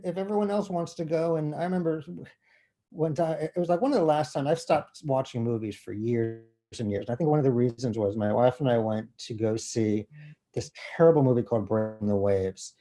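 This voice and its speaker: A man interviewed as an author, talking in an animated, self-deprecating and profane way. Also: mid-range voice, moderate pace. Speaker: author guest. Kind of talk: conversational interview. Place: bookstore event.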